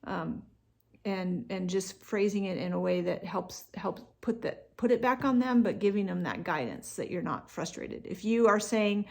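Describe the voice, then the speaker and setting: Woman coaching parents, relaxed and chatty, some vocal fry, middle pitch. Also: moderate pace. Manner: relaxed, conversational, with many fillers and restarts; acts out what parents and kids say. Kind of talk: instructional talk to parents.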